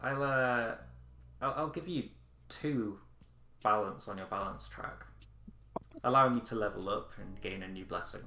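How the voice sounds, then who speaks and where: A man's voice: on the low side, normal speed, sharp tone, roomy sound, a little hiss or hum. A man narrating as game master of a tabletop game, rambling with frequent ums and restarts.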